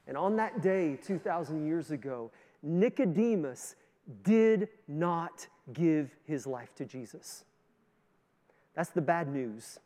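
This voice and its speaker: A man with a Canadian accent preaching a sermon as pastor, his voice swelling loud and then dropping low. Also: lively intonation, slow pace. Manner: preaching with strong rises and drops in loudness; sings a hymn line with the congregation. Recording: long hall reverb.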